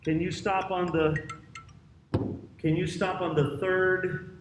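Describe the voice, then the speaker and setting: A man directing a choir rehearsal, counting off, singing out parts and giving brisk instructions in a rehearsal room with a piano. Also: sits high, little pitch movement. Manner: brisk counting and sung demonstrations. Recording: roomy, distant mic with piano.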